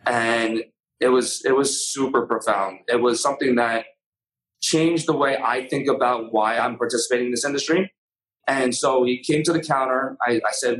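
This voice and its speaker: Man, podcast guest, earnest, halting, restarts often, mid-pitched voice. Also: fairly even intonation, a bit bright, poor audio. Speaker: podcast guest, cannabis brand owner. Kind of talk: storytelling in podcast conversation.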